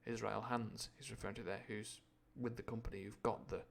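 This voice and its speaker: A man's voice: lowish voice, flat delivery, brisk, vocal fry. A man reading a classic adventure novel on a live stream, breaking off often for playful, irreverent explanations. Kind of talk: book reading with chatty asides.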